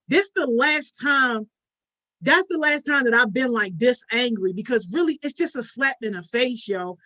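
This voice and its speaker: A livestream host with a bright, forceful tone and a pitch that sits in the middle, speaking in loose slang and ending almost every phrase with "yo". The host greets each viewer one by one. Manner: slangy, tacks "yo" onto nearly every phrase. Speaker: host of a youth program's online session. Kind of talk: casual livestream chat with participants.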